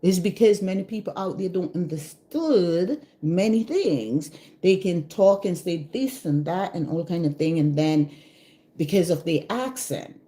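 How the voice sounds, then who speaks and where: A middle-aged woman with a Jamaican accent talks earnestly straight to her viewers. Her voice sits a little low and sounds warm and mellow. She circles back to the same points and keeps checking in with "you know what I mean?". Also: expressive, unhurried. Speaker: vlogger. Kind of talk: casual direct-to-camera talk.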